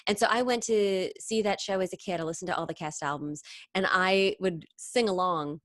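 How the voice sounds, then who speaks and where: A woman singer chatting in an interview, telling stories quickly and animatedly, full of tangents. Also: on the low side, no room sound, clean studio sound. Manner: fast, animated storytelling with tangents and laughs. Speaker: singer and impressionist, interview guest. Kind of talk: casual interview chat.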